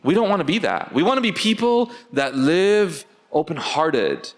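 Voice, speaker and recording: A man speaks to a class in a casual, conversational tone. He keeps checking in with his listeners through rhetorical questions. His voice sits fairly high and swings widely in pitch. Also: normal speed. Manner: animated, rhetorical questions to the audience. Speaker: teacher. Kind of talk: conversational religious class talk.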